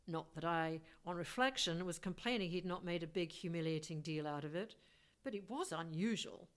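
Woman narrating a story, lowish voice. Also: normal speed. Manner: wry, lightly humorous first-person telling. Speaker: audiobook narrator.

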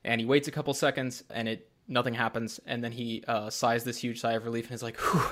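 A man narrating a tabletop role-playing game as game master, lively and playful. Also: mid-range voice, quick pace. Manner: lively, acts out scenes with laughs.

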